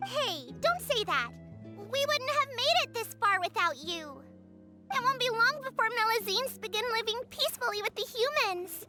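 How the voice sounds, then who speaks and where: Tiny squeaky Melusine girl. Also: expressive, normal speed, loud music behind the voice. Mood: hopeful. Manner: bubbly, scolding. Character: small cheerful female Melusine creature. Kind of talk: video game voice acting.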